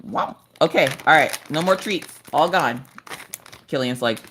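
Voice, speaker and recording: A woman in her thirties hosting a craft livestream, telling animated family stories in casual chat. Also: a little slow, a little hiss or hum. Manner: animated storytelling, jumps to high squeals in quoted voices.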